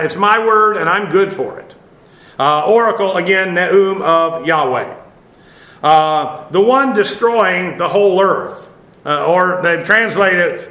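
A man teaches a Bible passage word by word, pausing on filler sounds and spelling Hebrew terms one letter at a time. His voice sits a little high for a man and comes across bright and forceful. The room around him rings with a clear echo. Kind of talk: verse-by-verse Hebrew word study.

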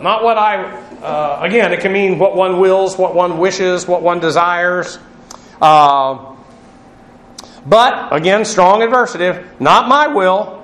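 A man's voice: high voice, a bit bright. A man giving a Bible lesson, explaining Greek words and spelling them out letter by letter. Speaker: Bible teacher. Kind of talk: classroom Bible lecture. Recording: echoey room.

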